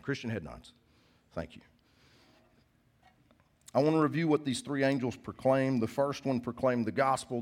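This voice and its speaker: Animated preacher telling stories. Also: male voice, medium pitch. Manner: animated storyteller, swings between loud and hushed. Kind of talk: sermon with personal stories.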